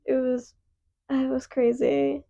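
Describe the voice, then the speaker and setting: A young woman co-host with a high voice and a gravelly fry, telling stories in a loose, chatty way. The recording sounds a little dull and lo-fi. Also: little pitch movement, slow pace, dark tone. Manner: chatty storytelling with many "like" fillers. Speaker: podcast co-host. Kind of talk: casual chat.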